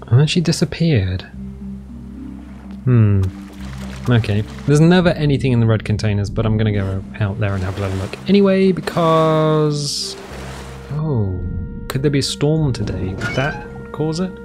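Lively chatty man narrating gameplay. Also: medium pitch, moderate pace, music in the background. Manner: chatty, explains game steps while playing. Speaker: gaming channel host. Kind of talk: casual let's-play commentary.

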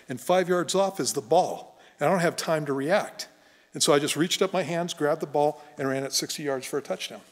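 Middle-aged guy pastor, chatty folksy sermon, long echoey church hall. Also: fairly high pitch. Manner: folksy storytelling, conversational. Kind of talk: conversational sermon. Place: church sanctuary.

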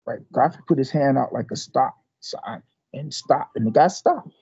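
Gravelly older man telling a story. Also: medium pitch, normal speed, no echo, dull audio. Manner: animated storyteller, restarts and repeats words. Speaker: martial arts master. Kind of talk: storytelling interview.

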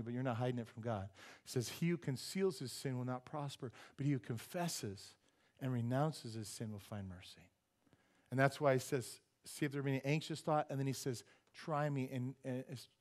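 A male pastor preaching a sermon in church, animated, firing rhetorical questions at the congregation and dropping joking asides. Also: mid-range voice. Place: church sanctuary.

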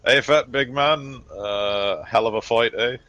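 Brief: sardonic male crewman with a teasing grin in his voice, pitched a little high and loud, put on by a man. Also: unhurried, no echo, natural voice, poor audio. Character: sardonic grinning male crew officer.

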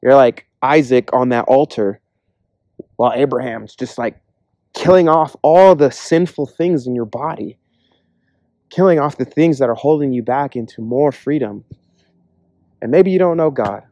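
A man preaching a casual, earnest sermon, acting out imagined voices in quick asides. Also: medium pitch, mellow, no room sound.

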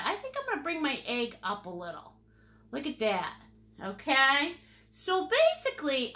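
A woman's voice: sits high, sharp tone. A woman leading a live painting lesson, chatty and encouraging, laughing often and greeting viewers with pet names. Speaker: painting instructor.

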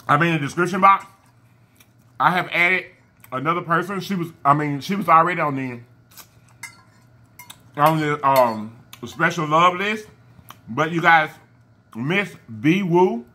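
A man hosting an eating vlog, casually and affectionately giving shout-outs to his fans and stumbling over names as he corrects himself. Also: high voice. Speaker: mukbang channel host. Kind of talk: casual chat to viewers while eating.

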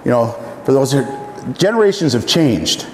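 A man in his seventies, from Iowa, telling folksy personal stories to an audience, often pausing with "uh.". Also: medium pitch, big pitch swings. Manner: folksy, halting with many fillers. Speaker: speaker. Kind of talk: storytelling talk to an audience. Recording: echoey hall, faint room noise.

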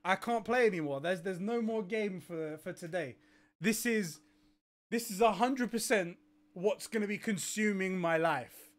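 A man's voice: high voice, measured pace. A young man streaming live, swearing and laughing in disbelief as he reacts.

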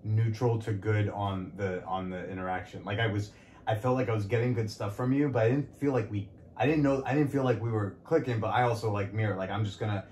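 Low-voiced man rambling in an echoey room. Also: a little fast, a little mellow. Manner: rambling, many fillers and self-corrections. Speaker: podcast guest. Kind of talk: casual frank conversation. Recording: echoey room, light background noise.

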